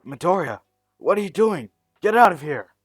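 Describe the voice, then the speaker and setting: A man voicing an older male hero, shouting urgent warnings in a fan story. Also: high-pitched, sing-song, moderate pace, husky, no echo, studio quality, soft background music, voice pushed up, heavily acted. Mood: alarmed.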